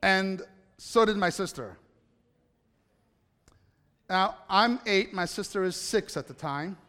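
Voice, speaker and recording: A man's voice: high voice, takes it slowly, sharp tone. A man telling a personal story to a live audience in a chatty way, often turning to ask the listeners questions. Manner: conversational, asks the audience questions. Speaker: speaker addressing an audience. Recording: reverberant hall.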